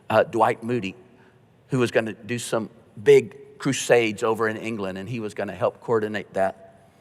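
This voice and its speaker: Middle-aged pastor in a reverberant hall. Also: male voice, mid-range voice. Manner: earnest, storytelling, drops to a hush at tender moments. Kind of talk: conversational sermon. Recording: long reverb of a church hall.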